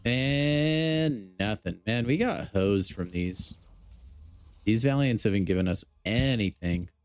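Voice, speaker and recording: A man's voice: on the low side, a little slow, darkish tone, no echo. A man chatting casually on a gaming live stream, joking and talking straight to his chat. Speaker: game streamer.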